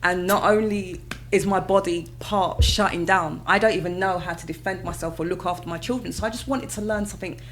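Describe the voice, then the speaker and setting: A woman in her thirties, an interview guest telling her own story in a candid, conversational way, breaking into high excited exclamations as she recalls moments. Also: fairly quick, hardly any pauses, slight background noise, poor audio. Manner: animated, bursts into high excited exclamations and laughter when retelling moments.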